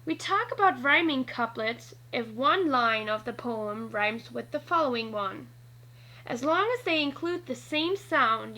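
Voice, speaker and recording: A woman narrating a scripted lesson, talking slowly and deliberately and spelling out letters one by one. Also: fairly high pitch, sharp tone, low-quality recording. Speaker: teacher.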